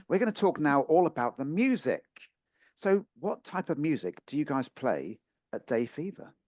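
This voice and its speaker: A man's voice: mid-range voice, a little mellow, dry recording, studio quality. A man in his fifties from Portsmouth hosting a local radio interview, chatty with frequent fillers. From Portsmouth, England. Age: 50s. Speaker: radio host.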